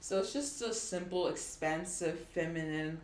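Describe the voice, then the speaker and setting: A woman runs a casual tarot reading for her viewers in an upbeat, affirming way, reading card meanings aloud. Her voice sits a little low and carries a roomy echo, with faint background noise underneath. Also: moderate pace. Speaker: tarot reader.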